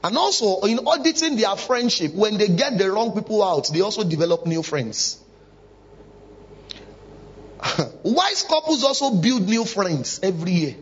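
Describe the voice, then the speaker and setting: A man's voice: high-pitched, big pitch swings, a little slow, breathy edge. A man preaching a sermon in church, emphatic and full of rhetorical questions. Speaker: pastor. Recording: dull lo-fi recording.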